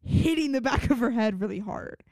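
A woman's voice: fairly high pitch, animated, normal speed, darkish tone, no echo, studio quality. A young woman co-hosting a podcast in casual chat, telling indignant stories from work. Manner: storytelling, indignant. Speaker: podcast co-host.

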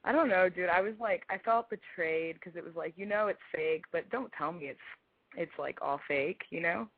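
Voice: medium pitch, moderate pace, gravelly, slightly rough, no echo. A young caller in their twenties from Texas, laid-back and rambling in a casual phone call. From Texas, USA. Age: 20s. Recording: dry, tinny phone line.

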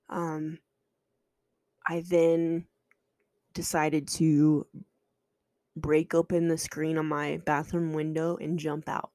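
A woman hosting a podcast, telling a personal story in a raw, halting and earnest way, with restarts and some swearing. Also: low voice, no echo, clean studio sound.

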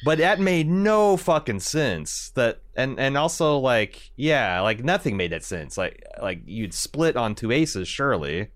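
Lively podcast guy with bouncing pitch. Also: unhurried, hardly any pauses, no echo, clean studio sound. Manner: animated, swears freely, jumps up and down in pitch. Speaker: podcast co-host. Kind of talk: casual recap chat.

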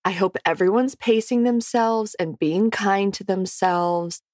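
A woman's voice: mid-range voice, unhurried, no room sound, studio quality. A woman podcast host speaking earnestly and encouragingly, then reading the show credits. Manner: warm-hearted, earnest, encouraging. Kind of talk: casual chat and show credits.

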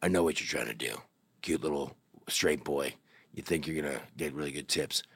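A huge, gruff leather-bar bartender, as a man puts him on while telling a story. He speaks far lower than the storyteller's own voice and is quiet and stern. His tone talks down to the listener as he warns him off. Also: brisk, no room sound, heavily acted. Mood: stern warning. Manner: low, stern, condescending warning.

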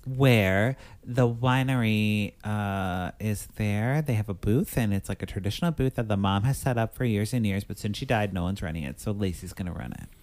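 A man's voice: on the low side, moderate pace, few pauses, a little mellow. A man co-hosting a casual chat, retelling a movie's plot in a rambling way with lots of fillers. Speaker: podcast co-host.

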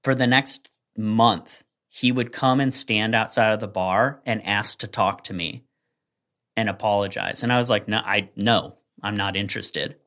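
A man co-hosting a casual podcast chat, telling a long anecdote in a rambling, animated way with lots of fillers. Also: on the low side, unhurried. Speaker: podcast co-host.

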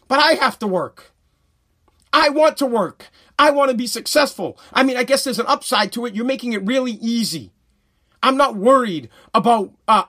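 High-voiced man ranting, profane and loud. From United States. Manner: heated, profane, repetitive ranting; shouts at peaks, stumbles and restarts. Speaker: podcast host. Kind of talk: ranting live-stream podcast monologue.

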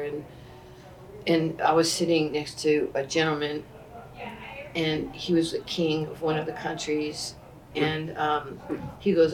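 A woman in her sixties tells her stories with a low voice, slipping into the voices of the people she quotes. The mic sits some way off, so she sounds a little distant. A faint hum of ambience lies underneath. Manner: animated, acts out quoted speech. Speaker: interview guest. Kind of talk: conversational storytelling.

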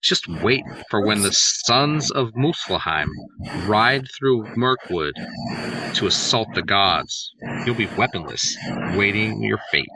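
A man's voice: on the low side, animated, slow pace, pushed and bright, exaggerated voice, poor audio. A man reading the lines of a spiteful, drunken male trickster god, hurling crude insults. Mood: taunting.

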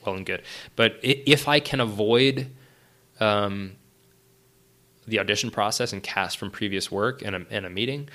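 A middle-aged man, a writer and director, talking casually as a podcast guest, animated, with many fillers and restarts. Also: on the low side, moderate pace, long pauses. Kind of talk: casual interview talk.

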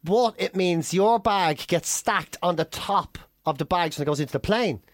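A man's voice: high-pitched, moderate pace, no room sound, clean studio sound. A man with an Irish accent co-hosting a podcast, telling stories casually and swearing freely. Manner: swears freely, animated storytelling. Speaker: podcast co-host. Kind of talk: casual chat.

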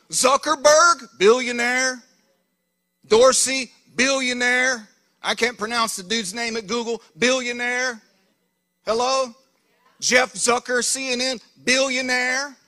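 A man preaching a fiery live sermon to a church crowd, often calling out to them. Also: extremely high pitch. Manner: fiery, animated, keeps calling "Hello?" to the crowd. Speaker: preacher and co-host. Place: church hall in Florida.

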